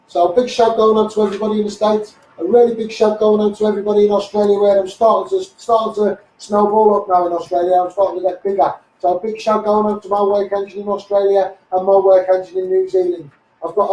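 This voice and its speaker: A man's voice: sits high, darkish tone, echoey room, recorded from a distance, low-quality recording. A man with a Scouse accent ranting to camera on a livestream, fired up and repetitive, calling his viewers mate. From England. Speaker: self-styled campaigner on a livestream. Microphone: phone livestream.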